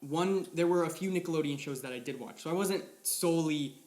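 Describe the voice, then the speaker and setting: Young male co-host, slightly high voice, laughs a lot, casual and playful; echoey room sound. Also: fairly quick, a little mellow. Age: young adult. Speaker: podcast co-host. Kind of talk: casual chat.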